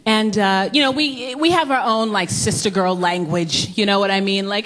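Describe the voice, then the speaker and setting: A woman performing a stand-up comedy set, telling animated stories and jumping up high whenever she quotes people. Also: moderate pace, hardly any pauses, slight background noise. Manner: animated storytelling, jumps high for quoted voices. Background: audience laughter.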